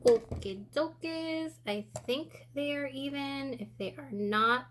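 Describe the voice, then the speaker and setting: Slow, chatty woman doing a makeup tutorial. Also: high-pitched, slight background noise. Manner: chatty and relaxed, thinking aloud while applying makeup. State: a little out of breath. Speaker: beauty vlogger. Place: indoor room with sunlight coming in.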